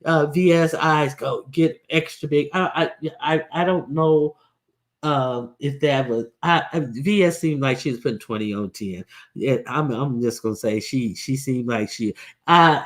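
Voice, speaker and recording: A commentator talking casually and bluntly, recounting events with many restarts and fillers. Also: medium pitch.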